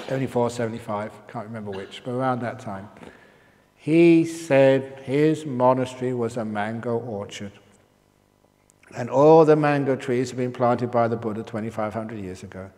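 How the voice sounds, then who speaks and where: Older male monk teacher, joking storyteller, mid pitch, long hall reverb. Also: moderate pace, dark tone. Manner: joking storyteller, occasional coughs. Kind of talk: humorous dharma talk. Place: meditation hall at a retreat.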